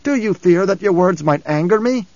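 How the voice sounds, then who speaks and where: A man voicing a tense young prince who is quick to anger. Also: high voice, lively intonation, a little mellow, no echo, dull audio, pitched above the performer's own voice. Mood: tense, angry.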